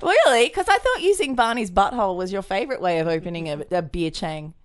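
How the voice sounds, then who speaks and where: A woman's voice: medium pitch, very animated, fast. A woman co-hosting a crude comedy podcast, teasing her friends and laughing often. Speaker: podcast co-host.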